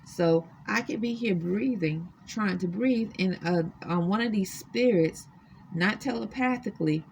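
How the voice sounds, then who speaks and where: A woman's voice: medium pitch, measured pace, gravelly, slight background noise. A woman earnestly recounting her own experiences to the camera from a hotel room, insistent and emphatic. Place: extended-stay hotel room.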